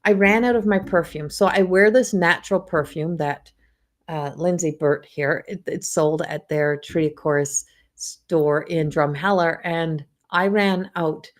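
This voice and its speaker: Casually rambling on a livestream and restarting many times, a middle-aged psychic medium speaks in the accent of her native Newfoundland, Canada. She has a deep voice and talks a little slowly.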